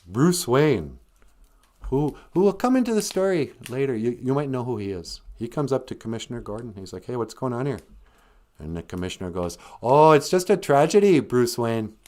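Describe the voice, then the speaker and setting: A man's voice: fairly low pitch, darkish tone. A man retelling a story in a casual, comic way, rambling with jokey asides and self-corrections. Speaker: host, storyteller.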